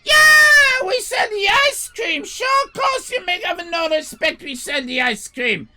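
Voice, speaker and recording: A man putting on a shouting, hot-headed restaurant owner. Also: extremely high pitch, expressive, measured pace, soft background music, voice pushed up, heavily acted. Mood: insistent. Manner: shouting broken English with a put-on Italian accent. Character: hot-tempered middle-aged male restaurant owner.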